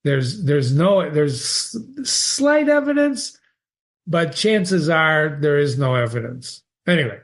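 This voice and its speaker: A man's voice: a little high, measured pace, hardly any pauses, fairly bright tone. A man talking casually through a short story as a literature teacher, answering emails from viewers, wandering into asides and reading passages aloud. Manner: conversational, digressive, with restarts and asides. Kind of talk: casual spoken literary analysis.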